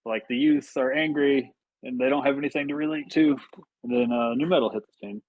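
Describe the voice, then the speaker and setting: A man's voice: medium pitch, steady tone, brisk, narrow, tinny audio. A man talking loosely on a podcast, full of fillers and casual swearing. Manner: laid-back, swears freely, many fillers. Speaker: podcast guest. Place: podcast studio.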